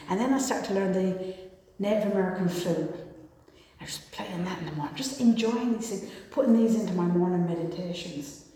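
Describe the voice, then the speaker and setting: Woman, mid-pitched voice, rambling and self-mocking, many restarts, booming echo, long hall reverb. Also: mellow, slight background noise. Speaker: recovery meeting speaker. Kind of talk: personal talk to an audience. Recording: echoey hall.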